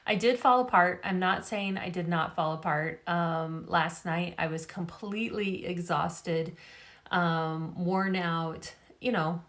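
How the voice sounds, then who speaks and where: A woman's voice: fairly low pitch, steady tone, slow pace, a bit bright. A middle-aged woman speaking to camera in a casual vlog about faith. She talks earnestly and rambles with many fillers, and she is tired after a migraine. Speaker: vlogger.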